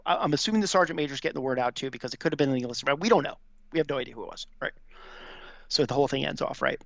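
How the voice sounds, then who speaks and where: A man's voice: mid-range voice, very fast, creaky, a bit bright, dry recording. A man in his fifties, a podcast guest and veteran, telling a casual, profane anecdote and acting out the people he quotes. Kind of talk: casual storytelling. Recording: dry, slightly dull audio.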